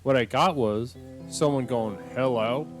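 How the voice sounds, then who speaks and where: Dude hosting a comedy show, deadpan, voice jumps around a lot, keeps restarting sentences. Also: male voice, mid-range voice, moderate pace, faint music behind. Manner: deadpan, patient, stammering restarts. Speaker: host. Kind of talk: improvised comedy banter.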